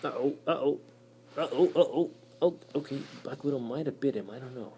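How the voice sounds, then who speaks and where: A man giving casual, excitable commentary over insect footage, muttering to himself between remarks. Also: mid-range voice, brisk, a little hiss or hum. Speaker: channel host.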